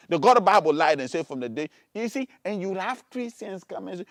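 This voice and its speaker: A man preaching, reading scripture low and slowly, then rising to loud, emphatic rhetorical questions. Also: huge pitch swings, dry recording, clean studio sound. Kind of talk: preaching sermon.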